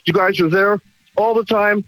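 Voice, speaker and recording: A man's voice: high-pitched, steady tone, normal speed, fairly bright tone, dry recording, low-quality recording. A male caller to a radio show, emotional and near tears, stammering and repeating his words.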